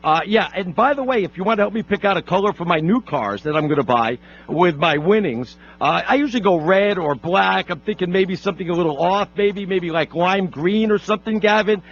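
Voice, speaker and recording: A man's voice: high voice, fairly quick, hardly any pauses. Brash, boastful male sports radio host. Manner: brash, boastful, stammering restarts. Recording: dull lo-fi radio broadcast.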